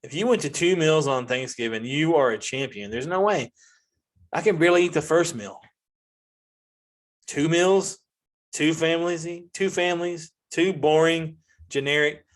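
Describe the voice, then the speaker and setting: A man, ranting through a casual comedy monologue as host. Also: moderate pace. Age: 40s. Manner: ranting, animated, jumps to high-pitched outbursts.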